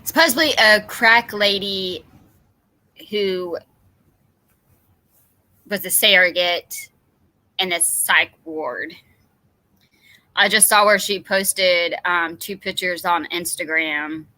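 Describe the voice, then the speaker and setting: A woman's voice: fairly low pitch, takes it slowly, long pauses, pushed and bright, low-quality recording. A woman gossiping in disbelief about another person's online posts.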